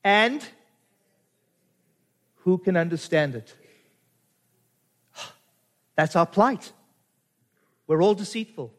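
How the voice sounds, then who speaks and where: A man's voice: sits high, lively intonation, very slow, pauses often, long reverb tail. A middle-aged male pastor preaching a conversational sermon, firing rhetorical questions at his congregation. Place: church.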